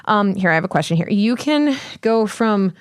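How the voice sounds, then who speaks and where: A woman's voice: mid-range voice, expressive, moderate pace, smooth, no echo, studio quality. A woman vocal coach explaining singing exercises in a casual, blunt, profane way, chatty and emphatic. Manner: emphatic, chatty with many fillers.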